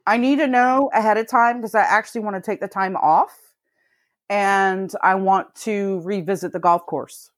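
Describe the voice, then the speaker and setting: On a podcast, a co-host chats casually and tells stories laced with swearing and frequent laughter. She speaks in a mid-range voice at a moderate pace. The sound is clean studio audio, no echo.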